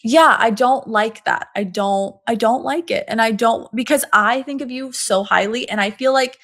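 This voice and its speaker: Gravelly-voiced woman podcast co-host. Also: fairly high pitch, moderate pace, fairly bright tone. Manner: reassuring, direct, playful. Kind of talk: casual chat.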